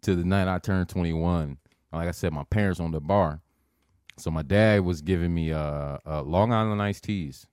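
Man, 30s, low-pitched, slow profane storyteller, dry close sound. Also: darkish tone, smooth, no room sound. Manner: laid-back, profane, drawn-out storytelling. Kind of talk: casual storytelling chat.

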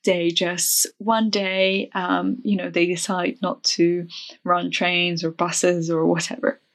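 A young woman casually retelling a travel mishap for a vlog, chatty and animated, with lots of fillers and restarts. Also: lowish voice, slow pace.

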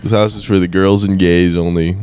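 Low-voiced young man joking outdoors. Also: little pitch movement, a little fast, darkish tone, slight background noise. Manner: joking, teasing, profane. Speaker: podcast co-host. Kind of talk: casual chat.

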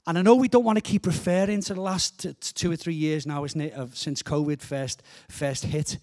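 A man's voice: on the high side, steady tone, brisk, darkish tone. A middle-aged man from England preaching a sermon as a guest speaker in a church, earnest and fervent, often repeating words as he builds a point.

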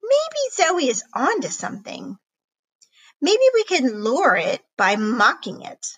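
A woman's voice: sits high, big pitch swings, takes it slowly, full character voice, rough recording. A woman voicing a bold young boy. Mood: daring. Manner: bold, shouting to take charge. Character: brave excitable young boy.

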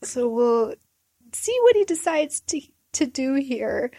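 A woman's voice: sits high, big pitch swings, slow, warm tone, no room sound. A woman leading a Bible study, reading verses and explaining them in a plain, reflective way with repeated points. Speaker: Bible teacher.

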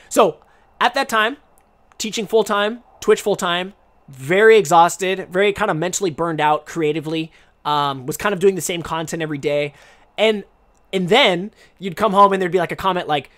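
A young man who streams and teaches English talks casually to camera in a high, brisk, somewhat bright voice. He rambles, interrupts himself, and restarts sentences, with plenty of fillers.

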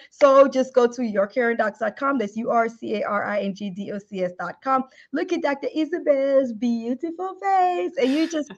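A bubbly woman host with a fairly high voice, gushing and lively as she introduces her guest. The sound is a bit dull and lo-fi. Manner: effusive, animated, repeats praise words. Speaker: podcast host. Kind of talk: enthusiastic podcast interview.

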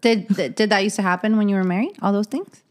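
A woman's voice: medium pitch, fast talker. A woman co-hosting a casual podcast chat, teasing her friend and laughing often. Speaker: podcast co-host.

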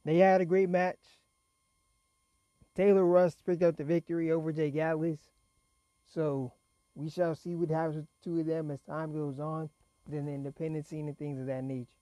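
Chatty man recapping wrestling, dark tone. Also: on the high side, little pitch movement, normal speed, no echo. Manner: chatty, rambling, laughs while talking. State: fighting a cough. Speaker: wrestling show reviewer. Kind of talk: casual solo recap.

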